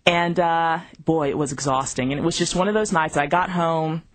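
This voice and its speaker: A woman's voice: deep voice, moderate pace, no room sound. A middle-aged woman, a television news anchor telling a personal story in an interview and acting out what people said. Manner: animated, acts out what people said.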